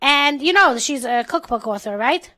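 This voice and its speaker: A woman's voice: high-pitched, lively intonation, normal speed, bright, forceful tone. A middle-aged woman co-hosting a live auction stream, teasing and joking with a winner on the phone. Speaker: live auction co-host, caller. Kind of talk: playful phone call chat.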